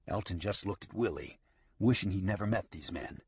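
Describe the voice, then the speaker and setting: A man reading a western audiobook in a steady storytelling manner. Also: low voice, a little fast, breathy edge, no echo. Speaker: audiobook narrator. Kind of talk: scripted western narration.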